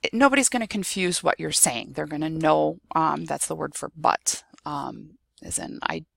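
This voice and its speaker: Low, gravelly Midwestern woman teaching. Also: expressive, normal speed, a bit bright, no echo, clean studio sound. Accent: Midwestern American. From United States. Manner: explanatory, reassuring, many ums and okays. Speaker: Spanish teacher. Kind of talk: recorded screen-share lesson.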